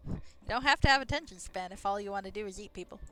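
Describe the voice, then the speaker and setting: Quick-paced and fairly bright in tone, a woman's mid-range voice delivers casual gameplay commentary while she streams. She rambles, chats, and laughs often, with game music playing behind her.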